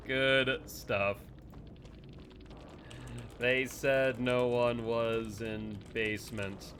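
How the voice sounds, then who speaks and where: A man giving live commentary while playing a game, excitable and quick to laugh, jumping to shouts when startled. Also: medium pitch, slight background noise. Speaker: game streamer.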